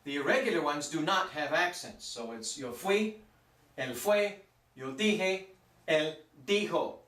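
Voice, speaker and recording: A man teaching a Spanish grammar lesson, repeating each form and stressing it slowly. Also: on the high side, expressive, a bit bright. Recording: echoey room, mic at a distance.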